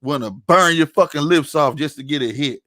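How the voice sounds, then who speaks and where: A man's voice: a little high, moderate pace, a bit bright, dry recording, studio quality. A man giving a heated commentary rant, angry and profane, often tossing in "you know what I'm saying". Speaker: online commentator.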